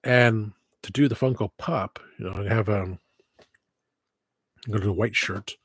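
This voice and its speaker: Rambling husky man on a livestream. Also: lowish voice, measured pace, dry recording. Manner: meandering, self-interrupting, wistful asides. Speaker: livestream host. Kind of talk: rambling casual livestream chat. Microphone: headset.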